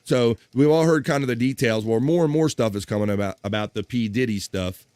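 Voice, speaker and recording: A male host keeps a casual livestream talk show rolling and reads viewer comments aloud in a chatty, easygoing way. His voice sits at an average pitch. The sound is dry and close to the mic. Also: a little fast, darkish tone, smooth, dry recording.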